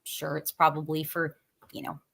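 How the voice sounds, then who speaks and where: A woman guest in a casual podcast conversation, talking haltingly with many fillers and restarts. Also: low voice, monotone, gravelly, a bit bright.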